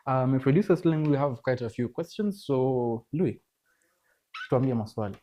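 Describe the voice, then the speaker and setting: A man hosting a casual interview, encouraging his guest with steady affirming murmurs. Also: mid-range voice, moderate pace. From Kenya. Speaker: host. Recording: dull lo-fi sound.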